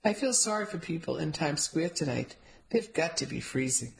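A woman with a low voice narrating a novel in the first person. Her reading is steady and measured, and she shifts into other characters' lines as she goes. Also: gravelly, slight background noise, poor audio. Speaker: audiobook narrator.

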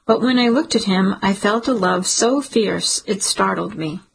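A woman reading a first-person audiobook in a measured, emotional storytelling manner. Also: mid-range voice, vocal fry, husky, low-quality recording. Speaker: audiobook narrator.

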